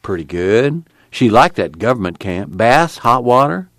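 A man's voice: medium pitch, unhurried, dry recording, studio quality. A man doing a weary drawling farmhand. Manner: flat, blunt, tired. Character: weary plainspoken young farmhand. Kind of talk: audiobook character voice.

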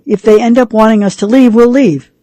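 A woman's voice: on the high side, brisk, dark tone, no echo, pitched above the performer's own voice, lightly acted. A woman reading the lines of a pushy young man who coaxes and wheedles. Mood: coaxing.

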